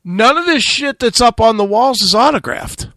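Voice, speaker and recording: Male metal radio host, high bright voice, dry close sound, swears freely, animated teller. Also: normal speed, no room sound. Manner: profane, animated storyteller acting out quotes. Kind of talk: casual storytelling.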